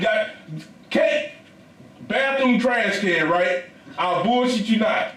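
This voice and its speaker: High-voiced man in a roomy room. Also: slow, recorded from a distance. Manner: animated, profane storytelling with laughs. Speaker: podcast co-host. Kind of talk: casual chat.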